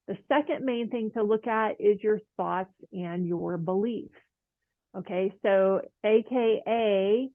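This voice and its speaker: Chatty woman painting teacher, slow and lo-fi. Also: medium pitch, no room sound. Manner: chatty, filler-heavy, laughs often, encouraging. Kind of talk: casual motivational talk to camera.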